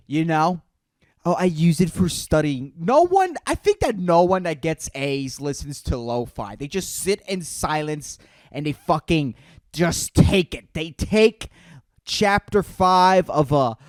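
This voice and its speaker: A man talks alone into the mic for his podcast, sarcastic and profane, drifting from one gripe to the next and tossing in "dude" every few lines. His voice sits a little high for a man. The sound is dry, with no room echo. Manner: rambling, sardonic, profane, says "dude" constantly. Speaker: podcast host. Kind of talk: solo podcast monologue. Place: indoors in front of a green screen.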